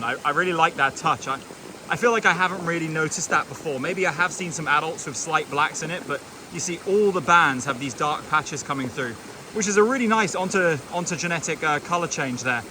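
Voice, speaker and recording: A young man hosting a vlog, chatting excitedly and casually as he films outdoors at night by a forest stream. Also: a little high, brisk, noisy background. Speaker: vlog host. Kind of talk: casual on-the-spot field commentary.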